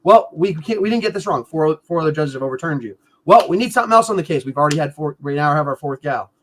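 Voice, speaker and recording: Fast-talking, profane high-voiced man. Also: animated, a little hiss or hum. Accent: New England. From northern US. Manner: fast, rambling and profane, loud bursts. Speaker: guest. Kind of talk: livestream interview.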